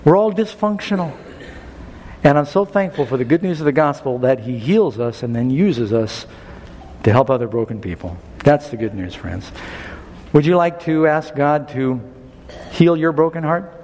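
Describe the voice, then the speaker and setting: A middle-aged male pastor preaching a sermon, telling a personal story with lively swings in pitch and building to an appeal. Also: normal speed, a little hiss or hum. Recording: long hall reverb.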